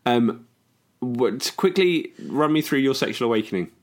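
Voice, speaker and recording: A man trading comedic banter as a podcast co-host, his pitch swooping up and down in lively arcs. He talks over his partner again and again, sounding exasperated and protesting loudly. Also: normal speed. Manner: exasperated, keeps interrupting and telling his co-host to shut up.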